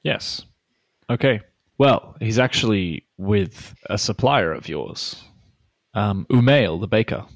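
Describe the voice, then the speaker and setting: A man playing a tabletop game, speaking in a dry, low-key way. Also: expressive, slow pace. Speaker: player.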